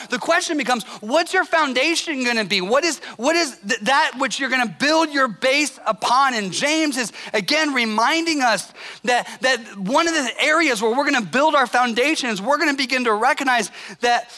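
Bright-voiced conversational male pastor. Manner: conversational, acts out quoted voices; drops to a soft, low intensity for emphasis. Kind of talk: sermon.

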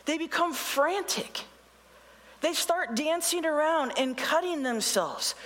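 A woman's voice: high-pitched, lively intonation, takes it slowly, fairly bright tone, in a large hall. Woman pastor, casual preaching delivery, dry sarcastic asides between scripture readings. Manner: conversational, sarcastic asides, reads scripture aloud. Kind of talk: sermon.

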